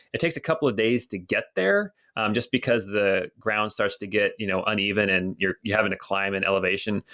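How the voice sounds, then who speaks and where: A man narrating as game master of a tabletop game, relaxed and rambling with many ums. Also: on the low side.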